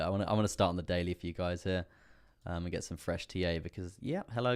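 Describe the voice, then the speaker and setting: A man's voice: sits low, quick pace, a little mellow. A young British man hosting a crypto livestream, talking through price charts in a loose, rambling way with lots of fillers and a slightly strained voice. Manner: rambling, repeats fillers and "coming through there". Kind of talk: live trading chart analysis.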